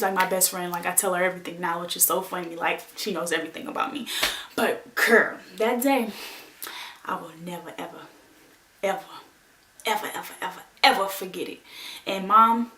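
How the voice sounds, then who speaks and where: Woman vlogger, animated storytime delivery, roomy echoey room; casual and expressive. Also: medium pitch, brisk, noisy background. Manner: lively, expressive, addresses viewers as y'all. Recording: roomy echo.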